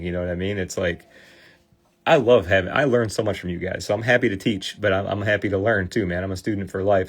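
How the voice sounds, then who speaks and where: A man's voice: fairly low pitch, slightly rough. A man in his forties from Michigan with a Midwestern accent, chatting casually with viewers as a livestream host, full of fillers and restarts. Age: 40s. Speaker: livestream host restoring trading cards.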